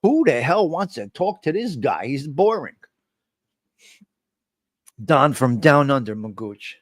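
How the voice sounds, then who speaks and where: A man's voice: medium pitch, big pitch swings, takes it slowly, dry recording, clean studio sound. A man hosting a casual live stream, joking loosely and calling out his chat viewers by name. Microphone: desk microphone.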